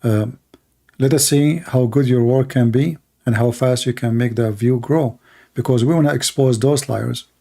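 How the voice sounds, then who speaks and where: A man with a gravelly, dark voice hosts a livestream and preaches with fervent conviction. He speaks in short declarative bursts. His voice is worn and hoarse from hours of talking. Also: medium pitch, fairly even intonation, normal speed. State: losing his voice. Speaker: livestream host. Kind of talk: impassioned preaching monologue.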